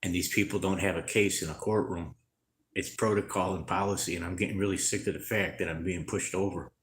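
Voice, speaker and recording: A tired man talking to camera in a halting, rambling, distressed way, with many restarts. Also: low-pitched, steady tone, a bit bright. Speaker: vlogger. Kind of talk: unscripted personal vlog to camera. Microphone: camera mic. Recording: roomy echoey room.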